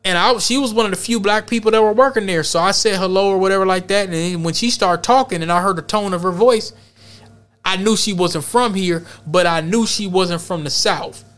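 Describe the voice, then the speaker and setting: A man's voice: sits high, fairly quick, a bit bright. A man hosting a podcast, telling a workplace story in loose, rambling street slang. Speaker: podcast host. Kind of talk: casual commentary and storytelling.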